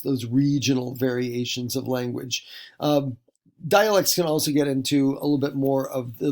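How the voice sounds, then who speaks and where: Gravelly male teacher, rambling lecture. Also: mid-range voice, a little mellow. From Pacific Northwest, US. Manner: rambling, many fillers and restarts. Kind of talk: recorded classroom lecture.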